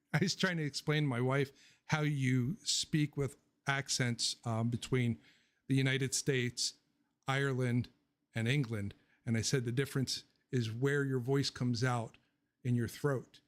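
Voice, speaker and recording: A man's voice: mid-range voice, fairly even intonation, a little slow. A man hosting a casual livestream Q&A, rambling and joking, blunt with his opinions and laughing often. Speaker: livestream host answering viewer questions.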